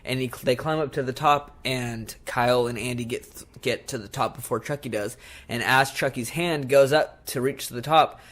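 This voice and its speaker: A young man co-hosts a casual podcast, retelling film scenes with animated energy. His voice sits at an average pitch, and he keeps breaking into quick acted-out quotes. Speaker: podcast co-host. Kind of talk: casual chat.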